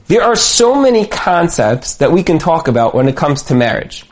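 A man's voice: on the high side, normal speed, hardly any pauses. A man giving a motivational talk on marriage, telling stories animatedly and repeating phrases for emphasis. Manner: animated storyteller, acts out quotes. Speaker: speaker on marriage.

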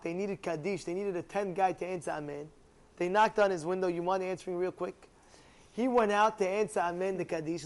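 Young man, high voice, casual rambling storyteller; restarts, bursts into acted quotes.

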